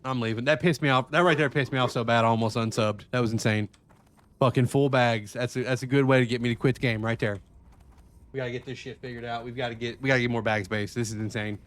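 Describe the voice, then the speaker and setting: A man chatting casually to viewers while streaming a game, swearing a lot and swinging between excitement and frustration. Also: mid-range voice, fast. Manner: profane, excitable, talks to chat. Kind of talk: live-stream gameplay chat.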